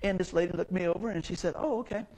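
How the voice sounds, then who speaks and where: Excitable preacher man, high voice. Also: very fast, noisy background. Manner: folksy storytelling, swings from soft to loud and excited. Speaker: pastor. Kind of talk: sermon.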